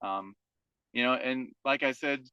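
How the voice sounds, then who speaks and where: A man's voice: mid-range voice, a little slow, pushed and bright, clear, resonant tone, no echo, highs cut off. A man in his forties from New Hampshire gives an earnest personal testimony over a call, stacking repeated phrases. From New Hampshire, USA. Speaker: team member and guest speaker, teacher and father.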